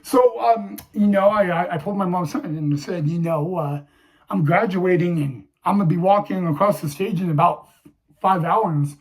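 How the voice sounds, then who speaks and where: A man's voice: high-pitched, breathy edge. Emotional young man telling a personal story. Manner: halting, with many restarts and fillers. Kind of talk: personal story told to viewers.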